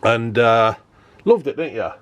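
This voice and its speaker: A man's voice: mid-range voice, animated, a little slow, lo-fi sound. A man chatting casually to camera about his camper van build, joking and filling gaps with ums and uhs. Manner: chatty, joking, lots of fillers.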